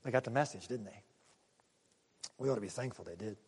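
A man preaching a sermon, animated and full of rhetorical questions and acted-out asides to the congregation. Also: on the low side, a little fast, in a large hall, slight background noise. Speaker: pastor.

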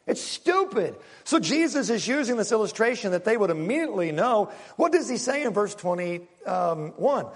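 A man, a pastor preaching a sermon in an animated, conversational way, acting out little scenes for the congregation. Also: high-pitched, normal speed, few pauses, in a large hall.

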